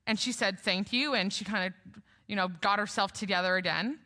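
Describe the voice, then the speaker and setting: Young woman preaching, bright forceful voice, chatty with little jokes, long church-hall reverb. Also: medium pitch, fairly even intonation, a little fast. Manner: conversational with light humorous asides. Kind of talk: sermon. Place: church sanctuary.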